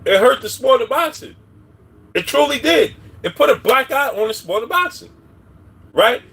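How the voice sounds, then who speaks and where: Livestream host: a man with a high, husky voice, casual and rambling, greeting the chat. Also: expressive, normal speed. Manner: rambling, shouts out viewers by name. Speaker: boxing commentary livestream host.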